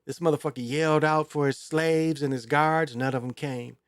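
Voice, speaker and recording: A man's voice: fairly high pitch, fairly even intonation, moderate pace, smooth, no room sound, clean studio sound. A man hosting his own show in a rambling, crude, casual monologue full of fillers. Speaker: show host.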